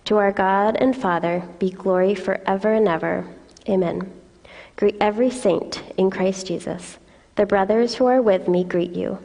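A woman reading a scripture passage aloud in a church service, in a steady, measured way. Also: medium pitch. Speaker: scripture reader. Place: church hall. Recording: long reverb of a church hall.

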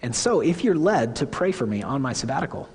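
Husky-voiced man preaching in a reverberant church. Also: medium pitch, sing-song, fairly quick, darkish tone. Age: 40s. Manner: conversational, self-correcting, earnest. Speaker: lead pastor. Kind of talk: sermon. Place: church sanctuary. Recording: long hall reverb.

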